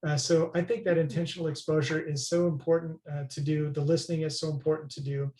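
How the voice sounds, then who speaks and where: A man's voice: on the high side, level tone, fast, a little mellow, reverberant. A man speaking as a podcast guest, earnest and emphatic, often checking in with "right?". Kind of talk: conversational interview.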